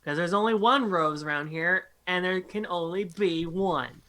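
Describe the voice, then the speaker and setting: A woman's voice: on the low side, normal speed, fairly bright tone. A woman introducing her character as a player in a tabletop game, laughing and trash-talking in jest. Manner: laughing, jokey trash talk. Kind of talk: casual live-stream chat.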